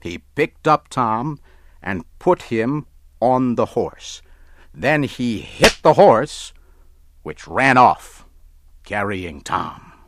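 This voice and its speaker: A man reads a story aloud in a slow, deliberate and plain manner, every word set down carefully. His voice sits very low. The sound is dry and close, with no room echo. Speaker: narrator. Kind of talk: scripted story narration.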